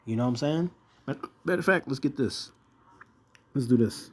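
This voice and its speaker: A man's voice: mid-range voice, a little fast, darkish tone. Blunt, profane male Bible teacher. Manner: blunt, swearing, rhetorical questions, reads verses aloud. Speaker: preacher teaching scripture.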